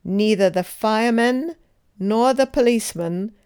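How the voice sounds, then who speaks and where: A woman leading a scripted English grammar drill, enunciating each sentence carefully and pausing for the listener to repeat. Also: fairly high pitch, darkish tone, clean tone. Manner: careful, deliberate enunciation with pauses for repetition. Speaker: English teacher.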